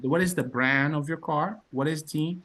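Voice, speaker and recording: A man's voice: fairly high pitch, moderate pace, fairly bright tone. A man teaching call center English on a video call, repeating phrases and encouraging the learners. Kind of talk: online class coaching.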